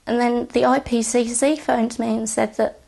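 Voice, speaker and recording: Husky, gravelly woman, flat delivery. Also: a little high. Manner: halting, quiet, often near a whisper. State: emotional, close to tears. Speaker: bereaved sister giving testimony. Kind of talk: recounted personal testimony.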